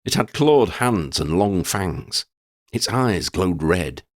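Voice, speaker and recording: A man narrating a fantasy story in a dramatic, deliberate storytelling manner. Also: low voice, fairly bright tone, no echo, studio quality. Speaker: audiobook narrator. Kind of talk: scripted fiction narration.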